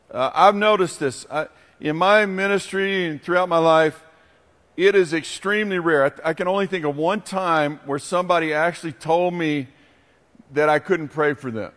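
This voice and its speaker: High-voiced impassioned male preacher. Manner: impassioned storytelling preacher, rising to loud emphatic peaks. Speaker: pastor. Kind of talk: sermon. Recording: long hall reverb.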